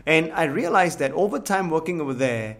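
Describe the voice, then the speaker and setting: A man's voice: on the high side, a little fast. A man from Singapore with a Singaporean English accent, co-hosting a casual podcast chat and telling stories candidly. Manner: animated, storytelling, candid.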